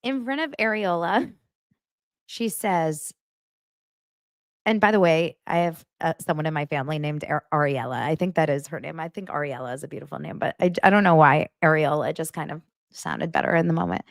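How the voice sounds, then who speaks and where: A woman's voice: low-pitched, fairly quick, gravelly, no echo, clean studio sound. A woman hosting a podcast, giving a chatty, gossipy recap of a reality TV show with blunt opinions. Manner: chatty and gossipy, heavy use of "like"; blunt and judgmental. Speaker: podcast host.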